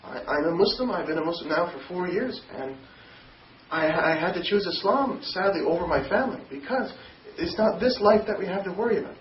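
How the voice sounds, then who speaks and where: A young man from Newfoundland, Canada, telling a personal story in a halting way, often repeating and restarting words. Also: high voice, animated. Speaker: interviewee telling his conversion story. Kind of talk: personal testimony. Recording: distant echoey dull recording, faint noise.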